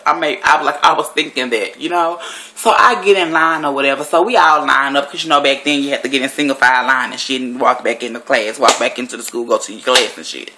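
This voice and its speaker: A woman's voice: very deep voice, fairly quick, bright, forceful tone. A woman vlogger telling a story in a blunt, profane and rambling way, sitting at home. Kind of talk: casual storytelling monologue.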